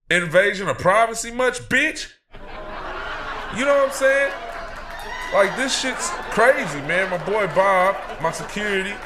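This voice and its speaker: A man playing a brash, cocky comedic talk-show persona, ranting loudly with profanity and laughing through his lines. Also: high voice, full character voice. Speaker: segment host. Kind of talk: comedic in-character rant.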